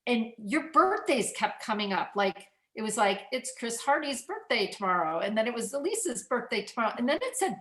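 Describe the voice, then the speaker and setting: A woman's voice: a little high, big pitch swings, brisk, hardly any pauses, a bit bright. Chatty woman in an echoey room. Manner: chatty, laughs often. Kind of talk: casual chat.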